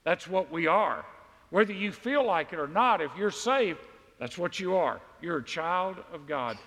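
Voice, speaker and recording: A man's voice: sits high, expressive, measured pace, a bit bright. A man from Mississippi, preaching a sermon in a folksy, joking, conversational way. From Mississippi, USA. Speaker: pastor. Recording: long reverb of a large hall.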